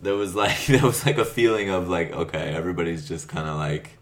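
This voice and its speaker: A man hosting a casual podcast chat, relaxed and rambling, laughing often. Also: low voice, brisk. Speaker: podcast host.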